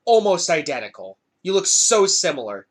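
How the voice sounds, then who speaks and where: This young man hosts a podcast in a voice that sits high and runs a little fast. He tells an animated story casually, swearing throughout.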